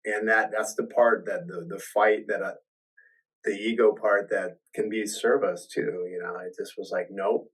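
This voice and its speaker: A man with a lowish voice tells a long personal story in a loose, rambling way. He keeps restarting his sentences and acts out what other people said. He sits a little back from the microphone, so the sound sits at a distance. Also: steady tone, moderate pace, breathy edge. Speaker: podcast host telling his story. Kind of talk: casual storytelling.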